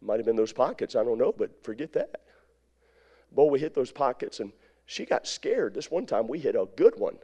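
A man's voice: medium pitch, lively intonation, moderate pace, mellow. A man, an evangelist, preaching by telling a folksy story in a rambling way, full of repetitions and asides. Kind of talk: storytelling sermon.

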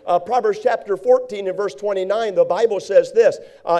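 A male preacher delivering a sermon, reading King James verses aloud. His voice sits high but sounds mellow and warm. He slips into quick impressions of the people he describes.

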